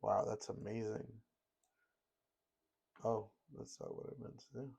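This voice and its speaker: A hoarse male streamer whose voice is nearly gone, chatting loosely, reading chat aloud and laughing as he reacts to clips. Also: on the low side, little pitch movement, measured pace, a little mellow. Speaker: streamer host.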